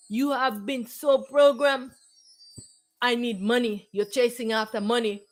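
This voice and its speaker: A woman's voice: fairly high pitch, a bit bright, low-quality recording. A woman giving a repetitive, declamatory spiritual monologue. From Jamaica. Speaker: spiritual teacher.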